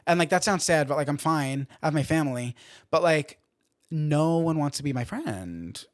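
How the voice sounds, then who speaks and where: A man's voice: on the high side, lively intonation, moderate pace, no room sound, clean studio sound. A young man hosting a podcast, rambling casually with lots of fillers and self-deprecating venting. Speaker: podcast host. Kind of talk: casual chat.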